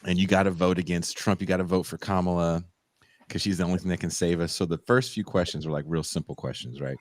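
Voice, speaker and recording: A man's voice: sits low, fast, no echo. A man co-hosting a casual political podcast, retelling a comedy sketch with lots of swearing. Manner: animated storytelling, swears often. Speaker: podcast co-host.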